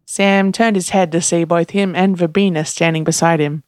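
Steady low-voiced woman reading a story. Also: moderate pace, dry recording, clean studio sound. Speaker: reader. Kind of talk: audiobook narration.

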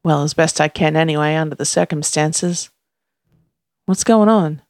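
A narrator reading the lines of a kind, earnest man in a gentle, sincere tone. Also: medium pitch, moderate pace, dry recording, clean studio sound, natural voice. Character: kind, earnest male time traveler.

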